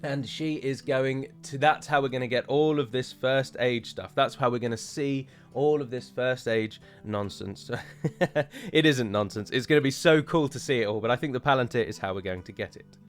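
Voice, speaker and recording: A man's voice: mid-range voice, moderate pace, faint music behind. A man, chatting casually and with opinions as he reviews a trailer for his viewers, with frequent fillers and self-corrections.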